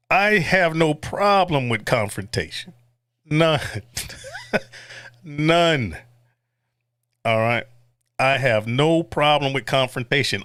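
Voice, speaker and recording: Chuckling frequently between comments, this livestream host reads his viewers' chat out loud in a casual, blunt, profanity-laced way. His voice is mid-range and fairly bright, recorded cleanly in a studio with no room sound.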